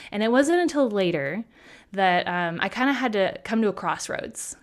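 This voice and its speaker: A woman, a hairstylist guest, telling a story in a casual chat, acting out quoted lines with lively shifts of voice. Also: mid-range voice, normal speed. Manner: animated, acts out quotes in bright voices.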